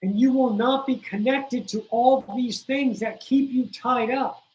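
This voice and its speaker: A woman with a somewhat high voice gives a spiritual talk on a livestream. She speaks straight to her viewers, blunt and a little profane, hammering her points home by repeating them. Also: steady tone, unhurried, a little mellow, rough recording. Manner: addresses viewers directly with insistent repetition.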